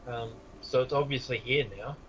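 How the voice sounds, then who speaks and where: A man's voice: medium pitch, fairly even intonation, moderate pace, a bit bright, slight background noise. Man player with a muffled sound.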